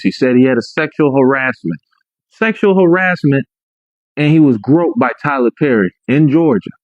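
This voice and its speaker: There's a darkish tone to this man's medium-pitched voice as he emphatically relates his own story, restating points and asking "right?" along the way. The lo-fi audio is dry and muffled, without echo.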